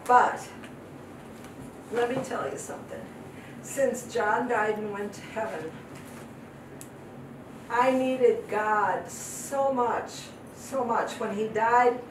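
An older woman preaching a testimony in an unhurried, emotional way, her voice sitting a little high. She sounds distant from the mic in an echoey hall, with noticeable background noise. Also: fairly even intonation, fairly bright tone. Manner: heartfelt and emotional, repeats phrases for emphasis. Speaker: guest speaker, missionary. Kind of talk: testimony sermon. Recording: echoey hall from far off, noisy.

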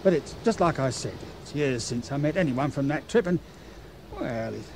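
Radio play: an uneasy chief steward, slightly high pitch, defensive tone. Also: male voice, sing-song, normal speed, gravelly, noisy background. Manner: defensive, accusing. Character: edgy, defensive male ship's chief steward.

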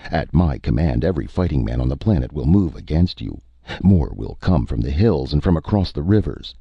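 A man's voice: very deep voice, animated, fairly quick, gravelly, slightly rough, no room sound, dull audio, heavily acted. A man voicing a proud, boastful alien warrior chief who rules as god-king, speaking in a stately, commanding way. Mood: proud, stern.

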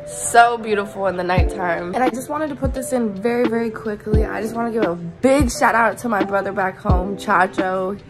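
A woman in her twenties talking casually to her phone camera, slangy and chatty, giving shout-outs. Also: mid-range voice, normal speed, few pauses, over music. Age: 20s. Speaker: vlogger. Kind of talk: casual vlog chat.

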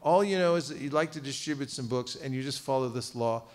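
A man leading a lively seminar for a live audience, playful and animated, getting the room to repeat phrases after him. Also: mid-range voice, fast talker. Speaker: seminar teacher on book distribution. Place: seminar room at a cultural center.

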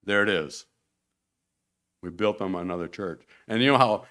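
Low-voiced man rambling at a podium. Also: moderate pace, long pauses, pushed and bright. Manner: rambling, conversational, restarts often. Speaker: church mission speaker. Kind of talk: informal church presentation with slides. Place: church hall, at a podium.

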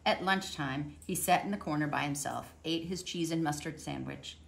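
A woman calmly reading a children's picture book aloud. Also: deep voice, normal speed, creaky. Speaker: storybook reader.

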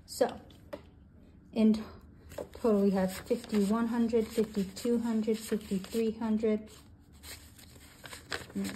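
A woman in her twenties, a budgeting channel host, counting cash aloud and thinking out loud as she sorts it. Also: medium pitch, a little hiss or hum. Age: 20s. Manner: counts bills aloud in steady runs; thinks aloud, with soft hesitations.

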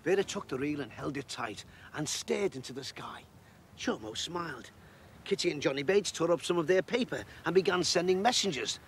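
A man reading a storybook aloud in an expressive, measured way. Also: fairly high pitch, faint music behind.

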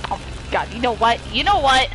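Excitable high-pitched woman gamer. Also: fairly quick, a little hiss or hum, poor audio. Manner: excitable, panicky, laughs often. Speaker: gamer streaming with friends. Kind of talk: live gaming commentary.

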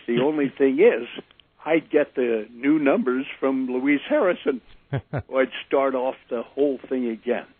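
Older male former DJ guest, animated storyteller, husky tone, dry, phone-line audio. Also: medium pitch, measured pace, dry recording. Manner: animated anecdote teller, acts out quotes. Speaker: former disc jockey, guest. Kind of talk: storytelling interview. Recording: tinny phone-line sound.

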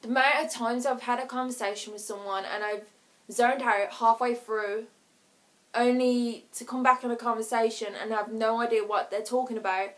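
A chatty woman vlogger talking straight to camera in a casual way. Her voice sits a little high, and she keeps breaking into giggles as she acts out short scenes with quick voices. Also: fairly even intonation.

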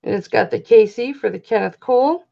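A woman presenting jewelry on a live online auction, describing each piece in a slow, easygoing way. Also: a little high, vocal fry, dull audio. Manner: slow, easygoing show-and-tell. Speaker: jewelry seller presenting items.

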